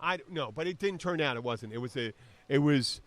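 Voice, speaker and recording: A man's voice: medium pitch, expressive, a little fast, fairly bright tone. A man co-hosting a podcast, telling rambling, profane stories in casual chat. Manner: rambling, profane, acts out quotes. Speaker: podcast co-host.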